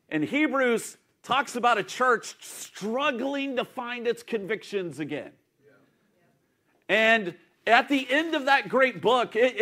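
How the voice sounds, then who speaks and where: Brief: man, pastor, high-pitched voice, animated emphatic sermon delivery. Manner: emphatic, animated preaching with dramatic pauses.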